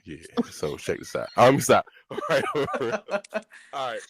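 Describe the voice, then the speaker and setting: A man's voice: mid-range voice, big pitch swings, a little slow, a crowd in the background, low-quality recording. A man hosting a podcast in casual chat, playful as he leads a game of set scenarios. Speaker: podcast host.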